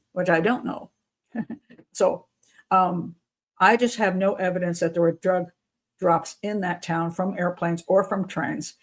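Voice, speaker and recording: A woman hosting a live show as a criminal profiler, thinking aloud as she answers viewers in a skeptical, questioning way, often restarting sentences and chuckling. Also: medium pitch. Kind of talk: live-stream commentary answering chat.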